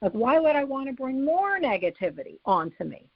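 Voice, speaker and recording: A woman psychologist giving advice in an interview, calmly walking through numbered steps and acting out sample phrases a parent could say. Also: high voice, a little fast, dry recording. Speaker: psychologist guest expert. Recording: slightly dull, dry lo-fi recording.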